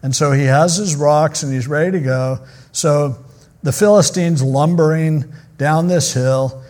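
A man's voice: on the high side, a little slow, darkish tone. A man preaching a sermon, retelling a Bible story in a casual, joking way. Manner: casual, joking storyteller who acts out quotes. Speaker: pastor.

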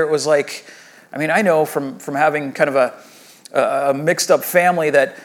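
A male pastor preaching in an easy, talky way, slipping into little voiced quotes as he retells the story. His voice sits a touch higher than most men's. He sounds like he is chatting with his congregation more than lecturing them. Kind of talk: sermon.

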